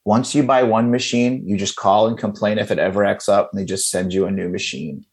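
A man, a podcast guest, chatting casually and telling animated stories with a husky voice. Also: fairly low pitch. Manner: animated storyteller, quick bursts, laughs often. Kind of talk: casual chat.

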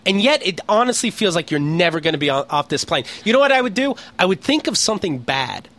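A man chatting casually and telling stories with a lot of energy, acting out the people in them and swearing freely. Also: fast talker. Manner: animated, acts out voices with big pitch swings, swears freely. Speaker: co-host. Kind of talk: casual chat, storytelling.

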